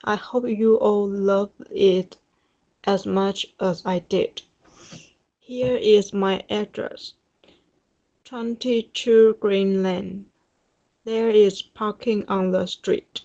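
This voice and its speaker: A woman student reading a short email aloud in class, steady and even. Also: mid-range voice, drawn-out words, pauses often, lo-fi sound.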